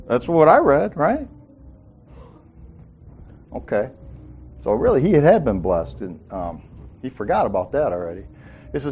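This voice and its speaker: A man's voice: on the high side, sing-song, normal speed, pauses often, a little mellow, breathy edge. A man leading an informal Bible study, joking and acting out the characters' lines in a folksy way. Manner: folksy, joking, acts out quotes.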